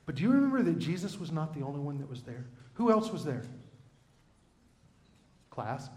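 A man preaches a sermon in a high, lifted voice. He talks in a conversational way and keeps turning to the congregation with questions and asides. The sound carries a roomy echo. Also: very animated, normal speed, mellow. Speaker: pastor.

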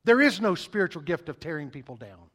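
A man's voice: fairly high pitch, big pitch swings, fairly quick, a bit bright. A middle-aged male pastor preaching a sermon, emphatic and urgent, often repeating words as he speeds up.

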